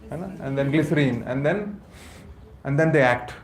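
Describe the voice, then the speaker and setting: A man with an Indian accent giving a lively lecture to a class, asking rhetorical questions and mixing English with Hindi. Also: medium pitch, moderate pace, slight background noise. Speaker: course teacher at a temple.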